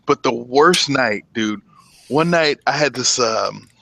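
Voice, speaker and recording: A man's voice: medium pitch, slow pace, gravelly, no room sound. A middle-aged man telling a long profane story in casual chat, acting out the quotes. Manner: profane, animated, acts out quotes. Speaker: podcast host.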